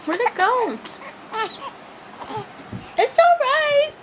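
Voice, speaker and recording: A woman's voice: extremely high pitch, sing-song, drawn-out words. A young female voice cooing sing-song baby talk while filming a baby at home on a handheld camera. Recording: noisy home video recording.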